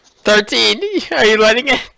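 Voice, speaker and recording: A man's voice: sits high, steady tone, moderate pace, creaky, sharp tone, no room sound. A man playing in a tabletop game over an online call, joking, laughing and swearing casually. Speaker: player.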